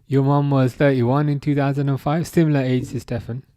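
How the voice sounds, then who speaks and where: A man in his thirties hosting a live football watchalong, chatting casually and reading out comments, with a halting, restarting way of talking. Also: mid-range voice, little pitch movement, warm tone, clean tone, no echo, studio quality. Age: 30s. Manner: halting, many restarts, chuckles often.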